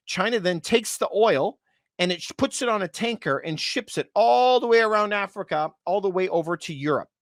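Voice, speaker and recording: A real estate video host delivers casual commentary to viewers, speaking emphatically and repetitively and often calling things unbelievable. His high, expressive voice is brisk, with studio-quality sound and no echo.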